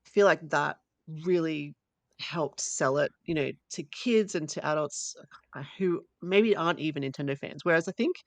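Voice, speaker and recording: Woman, podcast co-host, casual chat, slightly hoarse, gravelly tone, dry sound. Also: low-pitched, normal speed, no room sound. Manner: chatty, laughs often, many fillers. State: losing her voice.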